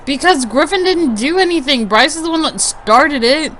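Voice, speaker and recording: Brief: woman co-commentator; high, fretful, openly biased. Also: expressive, moderate pace, fairly bright tone, a little hiss or hum. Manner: playfully partisan, fretful. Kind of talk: casual commentary.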